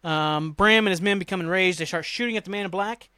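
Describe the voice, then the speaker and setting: A man hosting a podcast, casually recapping a TV episode in a rambling way, swearing and jumping into quick voices for the characters. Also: sits high, sharp tone, clean tone, no echo. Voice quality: rambling, swears, acts out lines with quick voice jumps. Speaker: podcast host.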